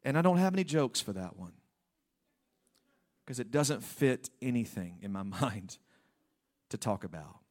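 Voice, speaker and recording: A man's voice: mid-range voice, expressive, a little slow, pauses often, darkish tone. A male pastor preaching a humorous sermon in a church, with playful joking asides to the congregation.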